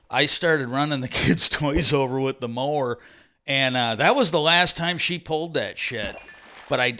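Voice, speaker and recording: A man's voice: on the high side, pushed and bright. Rambling, foul-mouthed man streaming a game. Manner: profane, rambling, retells arguments with lots of "I go". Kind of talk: casual storytelling while gaming.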